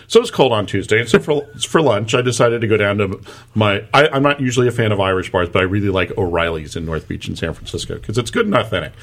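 This podcast co-host tells a rambling story in casual chat, restarting many times and laughing as he goes. He talks fast in a lowish, expressive voice.

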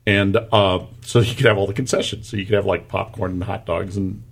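A man co-hosting a casual talk show podcast rambles through an anecdote, restarting often and laughing through the story. His voice is low, gravelly and slightly rough, brisk in pace with a steady tone.

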